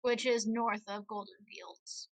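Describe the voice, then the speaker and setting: A young woman player at a tabletop game, thinking aloud in relaxed casual chat. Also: fairly high pitch, unhurried, no echo, poor audio.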